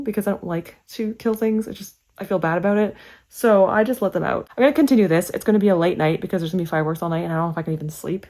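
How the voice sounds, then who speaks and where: A chatty woman talking casually to her viewers about books. She fills her speech with "like" and swings her pitch up and down as she reacts. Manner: chatty, many "like" fillers, animated pitch swings. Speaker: book vlogger. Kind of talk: casual chat to camera.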